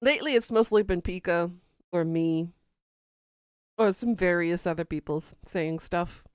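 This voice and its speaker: A woman's voice: on the low side, a little slow, a little mellow, clean tone, dry recording, studio quality. A woman streamer in casual live-stream chat, playful and bawdy, reading out chat quotes and laughing along. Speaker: game streamer.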